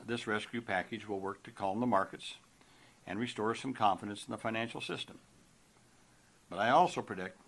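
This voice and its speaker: A middle-aged man, a senator, delivering a formal prepared statement in a measured, deliberate way with occasional hesitations. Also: lowish voice, creaky, a bit bright.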